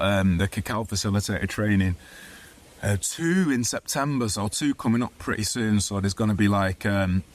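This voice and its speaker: Young Mancunian man, fairly low voice, chatty and effusive, rambles with fillers, casual talk to camera. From Manchester, England. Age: young adult. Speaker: cacao ceremony facilitator. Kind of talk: casual spoken reflection.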